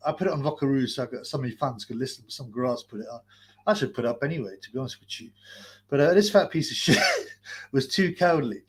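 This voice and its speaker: On a live stream, a man with a mid-range voice rants at a quick pace, swearing, mocking and laughing as he mimics callers. His nose is blocked, so his breathing comes through, and his tone is abusive throughout.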